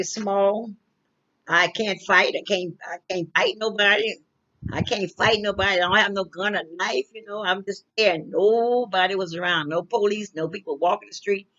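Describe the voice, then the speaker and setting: Older woman, mid-pitched, casual rambling storyteller who repeats lines; muffled lo-fi audio. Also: pushed and bright. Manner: rambling, repeats phrases, restarts often. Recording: dull lo-fi recording.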